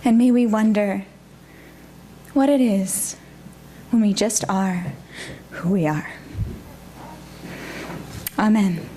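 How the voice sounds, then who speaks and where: A woman minister preaching a gentle, reflective sermon in a church. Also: mid-range voice, takes it slowly, pauses often, a little hiss or hum.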